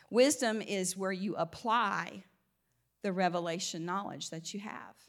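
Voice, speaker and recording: A woman with a light Southern US twang gives a relaxed Christian teaching at a middle pitch. She talks conversationally, often restarting her phrases and breaking into laughter. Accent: slight Southern US twang. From American South. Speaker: Christian speaker. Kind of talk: informal faith teaching.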